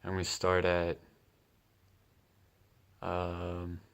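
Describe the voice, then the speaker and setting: A man's voice: low-pitched, completely flat delivery, extremely slow, smooth. A man giving casual commentary as he reads scripture, laid-back and chatty, often laughing and saying "man.". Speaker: scripture teacher.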